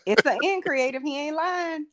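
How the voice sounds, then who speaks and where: A woman hosting a live-streamed casual chat, talking in an expressive, teasing way. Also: high voice, normal speed. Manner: animated, expressive, sings and teases. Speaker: host.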